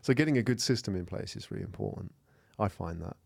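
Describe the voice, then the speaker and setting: A British man hosts a podcast from a studio, with a somewhat low voice. He sounds encouraging and reflective as he draws out his guest. The sound is close and dry. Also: expressive, fast, creaky, dry recording. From United Kingdom. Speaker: podcast host. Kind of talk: casual interview chat.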